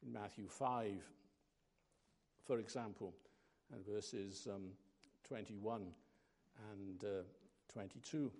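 Man preaching real slow, dark mellow voice, leans hard on each phrase. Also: lowish voice. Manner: slow and emphatic, pausing between phrases. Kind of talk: sermon.

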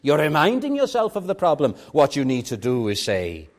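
Young man preaching a sermon; earnest, emphatic, slightly raised voice with wide pitch movement. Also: wildly swooping pitch, moderate pace, hardly any pauses. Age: young adult. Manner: earnest, emphatic, swinging between loud stresses and soft drops.

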